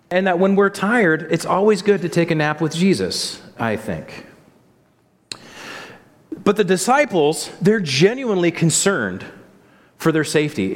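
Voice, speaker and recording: With a long reverb tail on his fairly high voice, a male pastor delivers a church-service sermon. His manner is casual and chatty, and he asks the congregation questions.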